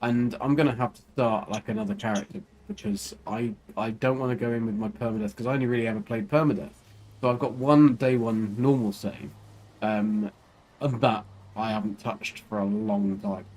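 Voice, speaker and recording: A man's voice: lowish voice, moderate pace, a little mellow. A man chatting casually and joking while live-streaming a game. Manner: playful, jokey, laughs often. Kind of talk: casual gaming stream chat.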